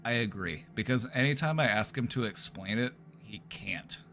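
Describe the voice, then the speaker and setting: A man's voice: lowish voice, moderate pace, vocal fry, over music. A therapist chatting casually on a livestream, playful and easygoing, often repeating his phrases and laughing. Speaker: therapist streamer.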